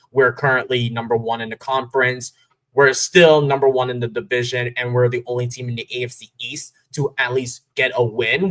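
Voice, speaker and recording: Guy hosting a football postgame stream, rambly, stacks up results one after another, ordinary middle-pitched voice. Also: a bit bright. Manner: rambling, restarts, lists results quickly. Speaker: podcast host. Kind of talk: casual sports talk stream.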